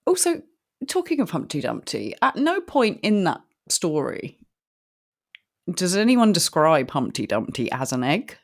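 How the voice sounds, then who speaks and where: A woman's voice: low voice, huge pitch swings, a little slow. A woman co-hosting a casual podcast chat, playful and giggly in her reactions. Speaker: podcast co-host.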